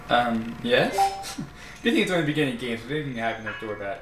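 A man's voice: mid-range voice, big pitch swings, fast, a bit bright, faint music behind. A young man chatting casually while playing a video game, rambling and correcting himself as he goes. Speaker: let's play gamer. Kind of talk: casual gameplay commentary. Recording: roomy echo.

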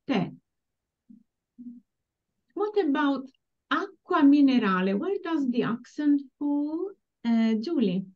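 A woman teaching a language class over a video call, slowly and patiently modeling words for students to repeat. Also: high-pitched, sing-song, a little mellow. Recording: dull lo-fi call audio.

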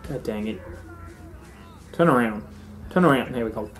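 A young man giving animated, swear-filled let's-play commentary, often squealing and shouting at the game. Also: mid-range voice, normal speed, slight background noise. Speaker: gaming let's-play host.

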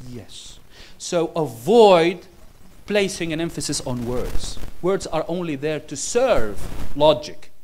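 A man lecturing interpreting students, deliberate and chuckling at his own stories. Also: fairly high pitch. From Tunisia. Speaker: university lecturer.

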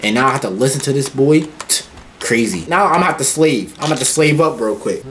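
A man giving loud, profane commentary on a horror game, yelping at scares and talking back to the characters. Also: medium pitch, quick pace, a little hiss or hum. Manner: excitable, profane, yelps at jump scares. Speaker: gaming YouTuber.

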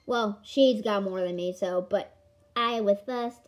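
A woman giving casual commentary on a board game she is playing, excitable, with melodramatic outbursts and playful taunting of her opponent. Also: mid-range voice, measured pace. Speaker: gamer filming a board game. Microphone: camera mic.

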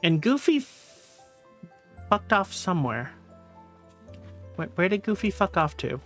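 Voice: mid-range voice, very animated, a little slow, soft background music. A streamer chatting casually through a game livestream, laughing often and swearing freely.

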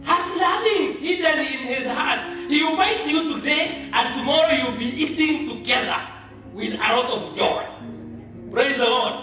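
High-voiced preacher in an echoey hall. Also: male voice, moderate pace. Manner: emphatic, mixes languages, rising to a shout. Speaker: church leader speaking at a launch. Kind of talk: sermon-style speech. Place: church hall. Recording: echoey hall, voice from far off, music behind.

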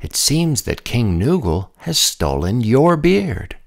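A man's voice: medium pitch, very animated, takes it slowly, creaky, heavily acted. A man voicing a scheming male turtle advisor in a storybook, with a gloating, conniving manner. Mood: urgent.

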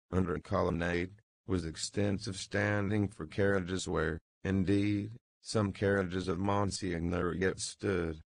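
A man reading an audiobook as narrator in a measured, deliberate way. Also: low-pitched, vocal fry, dry recording. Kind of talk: scripted narration.

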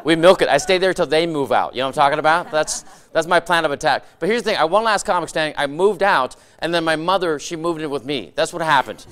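A man doing animated stand-up in a TV studio, laughing between jokes. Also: a little high, quick pace, hardly any pauses, clear, resonant tone. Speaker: stand-up comedian.

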